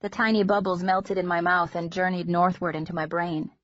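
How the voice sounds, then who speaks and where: A woman narrating an audiobook in a measured, gentle storytelling manner. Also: lowish voice, level tone, dry recording. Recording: dull lo-fi recording.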